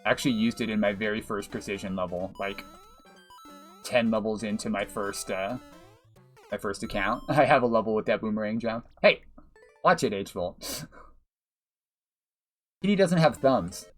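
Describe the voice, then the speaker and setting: A man's voice: fairly low pitch, normal speed, pauses often, soft background music. Chatty, laughing male game streamer. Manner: chatty, swears, laughs often, thanks viewers. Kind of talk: live gameplay commentary.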